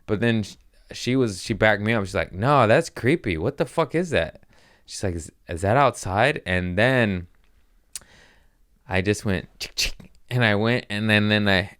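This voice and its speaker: A young man hosting a podcast, hoarse from screaming and sore, telling comedic stories in a casual chat. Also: fairly low pitch, moderate pace, fairly bright tone, no echo, studio quality. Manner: laughing through pain, sore and winded. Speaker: podcast host.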